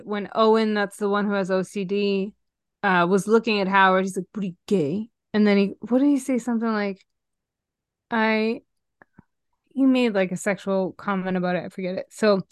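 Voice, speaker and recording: A woman's voice: medium pitch, fairly even intonation, normal speed, clear, resonant tone, no room sound, clean studio sound. A middle-aged woman co-hosting a podcast, chatting animatedly about a film and often trailing off and restarting. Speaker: podcast co-host. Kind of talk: casual chat reviewing a film.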